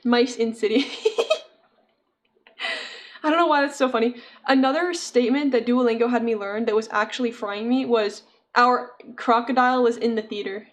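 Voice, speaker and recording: A woman's voice: fairly high pitch, moderate pace, pauses often. A young woman chatting casually with her viewers while she crochets, giggling often and answering chat. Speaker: streamer.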